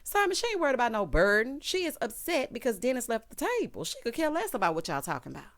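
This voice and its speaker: Woman vlogger, sassy gossip recap, lively swinging pitch, talks right to viewers. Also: quick pace. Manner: sassy, gossipy, addresses viewers as honey and child. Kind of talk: casual commentary.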